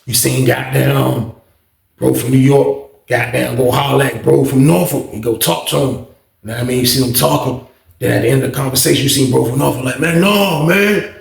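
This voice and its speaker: A man's voice: mid-range voice, a little fast, creaky. Slangy man telling a story, echoey room. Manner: animated, slangy, repeats himself for emphasis. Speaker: channel host telling a prison story. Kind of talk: casual storytime. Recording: roomy echo.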